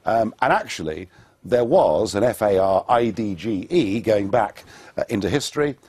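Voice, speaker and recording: A man being interviewed in a TV studio as a politician guest, talking in a jovial, animated way. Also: lowish voice, moderate pace, breathy edge, dry recording.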